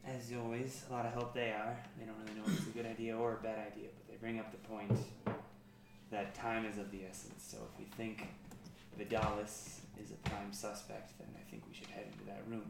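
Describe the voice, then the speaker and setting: A man's voice: fairly low pitch, level tone, fairly quick, vocal fry, far from the mic. A man playing in a tabletop game, talking casually and thinking his plans through aloud. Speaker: player. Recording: echoey room, noisy background.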